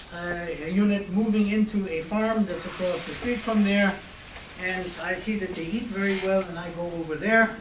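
An older man recounts his past in a wry, conversational manner, pausing on fillers as he goes. His voice sits high for a man. It is picked up from a distance in a roomy, echoing hall with faint ambient noise. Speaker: Holocaust survivor speaker. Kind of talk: storytelling talk. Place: hall at a university.

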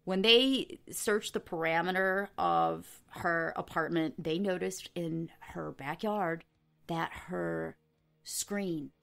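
A woman's voice: fairly low pitch, slow, gravelly, fairly bright tone, faint music behind. A woman hosting a true crime podcast, telling the case in a casual, chatty way with offhand swearing. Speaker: podcast host.

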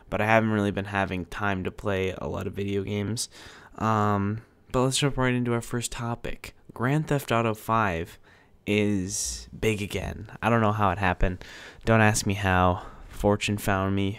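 A man's voice: on the low side, smooth, dry recording. A young man hosting a podcast in casual chat, rambling enthusiastically with lots of fillers. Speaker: podcast host.

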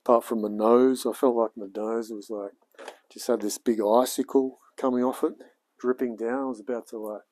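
A man's voice: medium pitch, little pitch movement, moderate pace, a little mellow. An Australian man in his forties, a hobby mechanic chatting casually on a livestream as he works in his home workshop and talks to himself. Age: 40s. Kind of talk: casual livestream chat while working.

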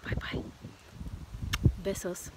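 Speaking very slowly over heavy background noise, a woman records a casual travel vlog outside at a countryside bed and breakfast. She rambles chattily with lots of fillers and self-corrections, and at times lowers her voice to a whisper for a while.

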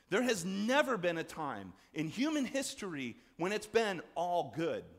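Animated pastor in an echoing church. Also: male voice. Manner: conversational, acts out quoted voices with big swings in pitch and loudness. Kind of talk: sermon. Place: church sanctuary. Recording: long church reverb.

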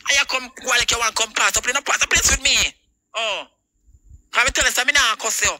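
A woman's voice: fairly high pitch, quick pace, sharp tone, poor audio. A Jamaican woman on a livestream, confronting someone in a heated, repetitive rant full of swearing.

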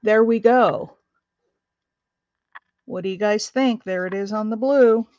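A middle-aged woman livestreams from her home craft room, chatting casually with viewers as she crafts, rambling and laughing easily. Her mid-range voice is slow and darkish, with no room sound and the highs cut off.

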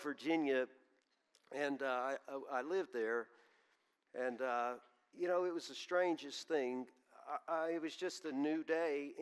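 A man preaching a sermon in a church, telling homey stories and repeating words as he warms up. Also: fairly high pitch, clean tone, long reverb tail. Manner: folksy storytelling preacher, repeats words when stirred. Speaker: pastor. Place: church sanctuary.

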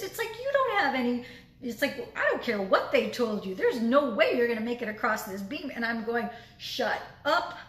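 A woman speaker telling a motivational story, animated, acting out her own inner voice as she goes. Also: mid-range voice. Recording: echoey room with faint noise.

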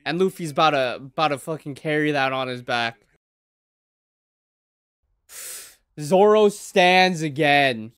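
A man reacting live to an anime episode, excitable and exclaiming, swearing in casual slang. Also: on the high side, slow pace, pauses often, smooth, dry recording, clean studio sound.

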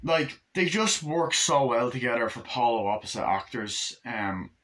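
A man giving a casual, rambling movie review, acting out scenes in quick bursts. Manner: rambling, acts out scenes in high excited voices.

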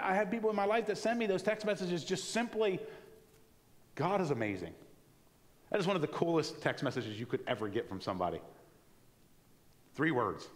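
Male pastor, sermon delivery, conversational and animated, slightly high voice, long church reverb. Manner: conversational, animated preaching with acted-out asides. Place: church sanctuary.

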